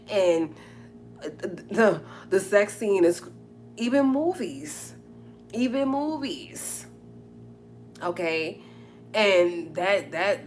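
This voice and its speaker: A woman hosting a live stream, talking straight to her viewers in an emphatic, repetitive way. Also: on the low side.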